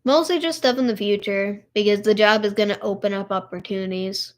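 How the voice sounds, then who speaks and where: A woman's voice: mid-range voice, a little fast. A young adult woman chatting on a live stream, tired and upset, rambling with lots of "like" and "literally". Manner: emotional, tired, heavy use of "like" and "literally". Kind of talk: casual live stream chat.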